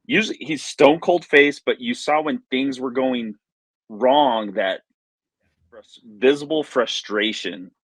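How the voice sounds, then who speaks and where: A man co-hosting a sports podcast, reminiscing in a halting way with many restarts. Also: mid-range voice, no echo, poor audio. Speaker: podcast co-host. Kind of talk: casual sports chat.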